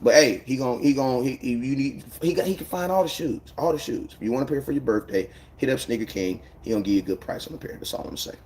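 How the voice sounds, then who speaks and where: A man's voice: medium pitch, fast talker, few pauses, darkish tone, slight background noise. A man chatting casually on a live stream, rambling in loose slang and greeting viewers by name. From United States.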